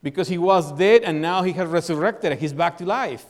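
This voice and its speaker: A man's voice: high voice, fairly quick. A male pastor preaching a sermon, telling a personal story and asking the congregation questions with a repeated "right?". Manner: asks the congregation questions and tags lines with "right?"; tells a personal story as an illustration. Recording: long reverb of a hall.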